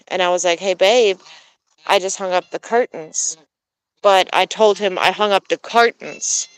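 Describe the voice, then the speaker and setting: In a low-quality recording, a woman with a mid-range voice talks casually to her viewers about backyard poultry. She's in her thirties, grew up as an American in Germany, speaks German and English natively, laughs often, and fills her speech with ums and restarts.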